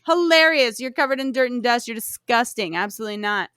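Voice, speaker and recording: A woman's voice: on the high side, lively intonation, brisk, fairly bright tone, clear, resonant tone, dry recording. Scornful stepmother, sneering and dismissive, as a woman puts her on in a dry, close sound. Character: scornful stepmother, mocking and cruel.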